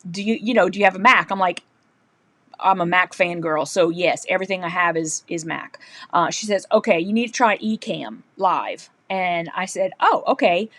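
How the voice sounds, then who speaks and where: A woman hosting a live sewing stream, telling stories in a chatty, animated way and laughing often. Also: on the low side, no echo. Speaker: livestream host, quilter. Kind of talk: casual live-stream chat.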